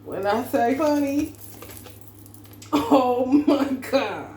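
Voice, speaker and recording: A woman's voice: high-pitched, lively intonation, drawn-out words. A woman who is a parent, giving a casual, profane tarot reading with lots of slang and laughter. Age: adult parent. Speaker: tarot reader. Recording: echoey room with faint background noise.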